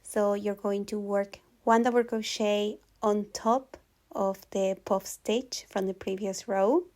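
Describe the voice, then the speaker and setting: A woman narrates a crochet tutorial in a calm, patient voice-over. She talks slowly and evenly, at a middle pitch. She often goes back over a step so it can be followed. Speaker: crochet instructor.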